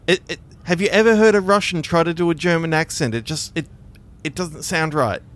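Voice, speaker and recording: A man's voice: on the high side, a little fast, fairly bright tone, close to an everyday voice. A man playing a stammering, flustered sidekick. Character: hapless male sidekick, flustered. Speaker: artist character.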